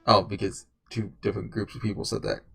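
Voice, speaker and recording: A man's voice: on the low side, little pitch movement, fast talker, creaky, fairly bright tone, recorded from a distance, soft background music. A man giving casual, rambling commentary on a video game, joking as he goes and reading the game's dialogue aloud. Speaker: let's play streamer.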